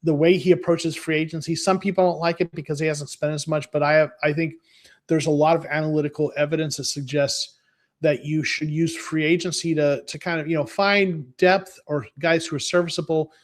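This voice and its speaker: A man's voice: a little high, steady tone, brisk. A man talking as a football fan guest, rambling with lots of restarts and fillers. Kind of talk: casual podcast chat.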